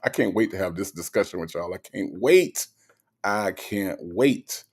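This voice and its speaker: A man's voice: low-pitched, lively intonation, brisk, a little mellow, husky. A man hosting a livestream in casual chat, reading out viewer comments and teasing them playfully. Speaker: livestream host.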